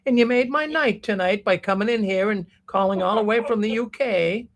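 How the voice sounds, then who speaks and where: A man's voice: high-pitched, brisk. Man, call-in radio host, folksy, casual talk. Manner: folksy, warmly thanks callers.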